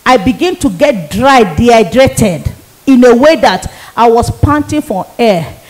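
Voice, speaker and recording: A woman's voice: on the high side, animated, measured pace, darkish tone, low-quality recording. A woman evangelist, giving an emotional sermon testimony and repeating phrases for emphasis. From Nigeria.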